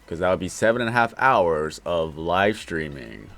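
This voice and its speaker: Deep-voiced man hosting a late-night stream. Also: normal speed, gravelly. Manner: relaxed, rambling. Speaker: livestream host. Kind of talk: casual late-night livestream chat.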